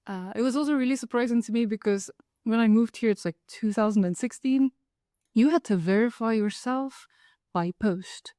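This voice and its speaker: A woman's voice: a little high, normal speed, no room sound, clean studio sound. Wry woman telling stories. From South Africa. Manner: lively, wry, acts out the people in her stories. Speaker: author and storyteller. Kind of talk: personal storytelling monologue.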